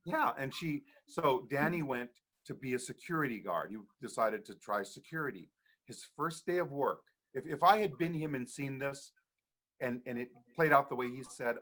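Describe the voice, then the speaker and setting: A man casually telling a ghost story on a podcast, animated, often laughing and acting out the people he quotes. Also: mid-range voice. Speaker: podcast guest, horror storyteller.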